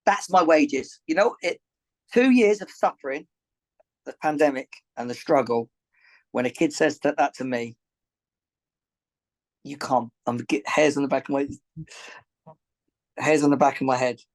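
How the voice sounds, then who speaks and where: A man's voice: mid-range voice, unhurried, long pauses, rough recording. A man, a boxing coach and gym owner, talks earnestly in a podcast interview, rambling, repeating himself and getting emotional.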